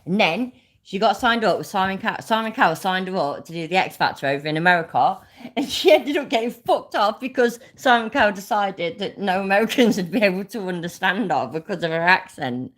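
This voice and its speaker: A woman's voice: mid-range voice, animated, a little fast, fairly bright tone. A woman with a Leicester accent, a YouTube host talking bluntly and swearing freely in a casual livestream chat. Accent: Leicester English.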